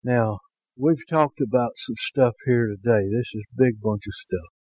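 Mellow-voiced man preaching a sermon. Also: medium pitch, a little slow, husky, dry recording. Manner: folksy preaching with rhetorical questions to the congregation.

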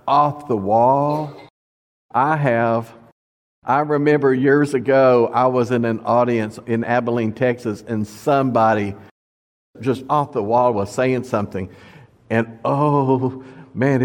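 A man's voice: medium pitch, a little mellow. A man teaching from the Bible in a sermon, reading scripture and adding plain storytelling asides for his listeners. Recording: long reverb of a hall.

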